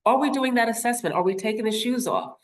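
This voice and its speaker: A woman's voice: on the high side, fast. A woman in her fifties, a nurse, speaks to an audience. She tells a personal story, poses rhetorical questions and acts out the voices of the people she quotes. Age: 50s.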